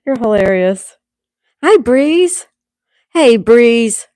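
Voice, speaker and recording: A congested woman hosting a relaxed livestream at home, chatting and reading out viewers' comments. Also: on the low side, no echo. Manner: relaxed, chatty, laughs often. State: congested, coughing. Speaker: livestream host.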